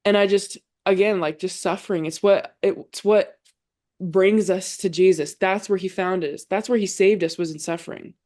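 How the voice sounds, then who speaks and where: Speaking at a moderate pace with a steady, slightly mellow tone and medium pitch, this young woman is a guest on a podcast. She plays college volleyball and earnestly discusses her faith in a casual chat, saying "like" a lot.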